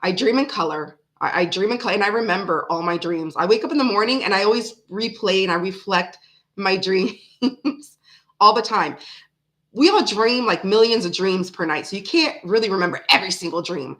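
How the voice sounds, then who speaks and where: A woman in her thirties talks her way through a live tarot stream in a loose, rambling manner. She is frank and blunt, her pitch sits in a middle range, and she laughs between her asides. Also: brisk, fairly bright tone. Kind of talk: casual live-stream chat.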